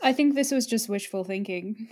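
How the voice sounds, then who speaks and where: A woman co-hosting a podcast in casual chat, reacting playfully with quick comments. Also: mid-range voice, darkish tone. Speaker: podcast co-host.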